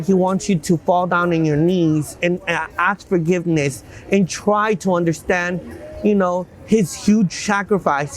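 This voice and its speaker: A man's voice: sits high, poor audio. A man being interviewed outdoors, telling his life story with earnest faith, often repeating words as he talks. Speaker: interview guest. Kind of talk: emotional personal storytelling. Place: outdoors in a city.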